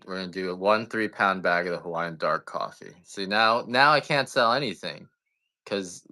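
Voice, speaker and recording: Low-voiced man rambling on a live sale. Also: bright, forceful tone. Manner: rambling, joking, swears casually. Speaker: live-stream seller. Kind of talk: casual live-sale chat.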